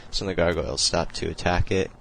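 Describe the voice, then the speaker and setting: Low flat-voiced man explaining a game replay. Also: fast, vocal fry, slight background noise, rough recording. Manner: loose, rambling, filler-heavy explaining. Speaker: replay commentator. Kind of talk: casual strategy game commentary.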